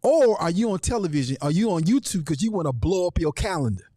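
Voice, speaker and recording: A man's voice: sits high, sing-song, quick pace, warm tone, dry recording, clean studio sound. A man hosting a live online show, talking to viewers and greeting them by name in a sing-song way. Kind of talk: live-stream talk with viewer shout-outs.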